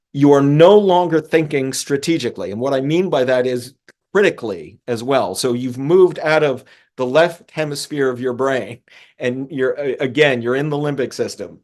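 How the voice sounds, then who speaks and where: A man's voice: medium pitch, a little mellow. A man coaching on emotional regulation, speaking earnestly and often repeating a word as he restarts a phrase. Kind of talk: talking-head coaching lesson.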